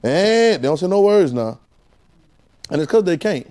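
A man preaching a sermon, firing rhetorical questions at the congregation and swinging between loud exclamations and quiet asides. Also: high voice, very animated, moderate pace.

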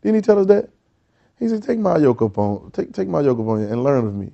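A man preaching a sermon, calling on the congregation to answer back and building to loud, emphatic peaks. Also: a little high, very animated, fast, creaky, dull audio. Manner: exhorting, calls for congregation responses.

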